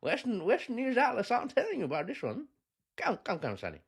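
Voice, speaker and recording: Man putting on a mocking Texan old-timer drawl, higher than his own voice, teasing. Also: huge pitch swings, fast talker, gravelly, breathy edge, exaggerated voice. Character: folksy drawling male old-timer calling people sonny.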